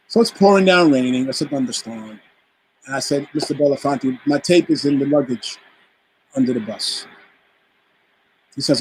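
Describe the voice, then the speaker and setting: Animated storytelling man from the Bronx. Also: medium pitch, normal speed, husky, poor audio. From the Bronx, New York. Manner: animated anecdote teller who acts out quoted voices. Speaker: guest musician. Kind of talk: casual interview storytelling.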